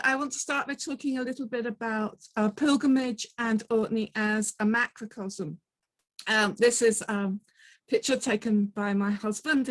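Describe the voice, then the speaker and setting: A middle-aged woman with a Portsmouth accent talks through her slides at a conference, chatty and self-deprecating, with lots of ums. Her voice sits fairly high. The sound is dry and close, with no room echo. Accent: Portsmouth English. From south of England. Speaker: conference speaker. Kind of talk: illustrated conference talk.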